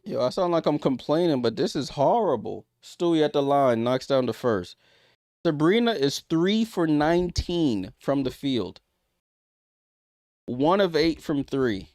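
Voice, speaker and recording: A man runs a livestream watchalong of a basketball game, his commentary exasperated and incredulous, shifting between loud outbursts and mumbled asides. His slightly high voice is animated yet measured in pace. The sound is dry and studio quality.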